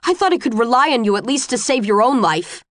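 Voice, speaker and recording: A woman narrator voices a terse young man in this audiobook, blunt and sharp-edged as he raises his voice. The recording is dry, with no room sound. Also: lowish voice, fairly even intonation, a little fast, no room sound, close to an everyday voice. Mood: angry. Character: terse, tense young man fleeing danger.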